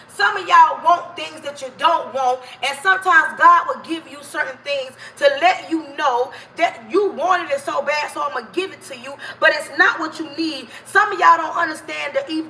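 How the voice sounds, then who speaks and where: A woman hosting a livestream and giving emphatic, preachy life advice. She speaks in casual, colloquial speech straight to her viewers and sometimes raises her voice to a shout. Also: sits high, normal speed, few pauses, far from the mic, slight background noise. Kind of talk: motivational straight talk to viewers. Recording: echoey room, voice a bit off-mic.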